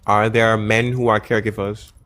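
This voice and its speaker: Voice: mid-range voice, flat delivery, moderate pace, fairly bright tone, a little hiss or hum. A live-stream debate host who talks bluntly, mocks guests and interrupts often, on a close mic. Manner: blunt, mocking, interrupts a lot. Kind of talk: casual live-stream chat.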